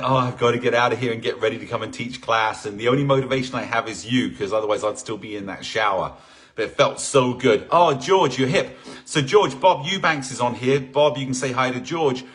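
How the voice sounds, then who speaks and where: Chatty male fitness instructor, mid pitch, warm-up banter over video call. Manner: upbeat and rambling, greets people by name. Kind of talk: chatty live online class warm-up.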